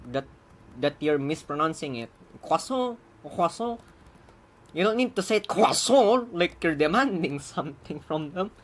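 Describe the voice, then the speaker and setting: A mid-range voice belongs to a programmer streaming their own coding session. They ramble, chuckle and mutter while debugging, and typing can be heard behind them.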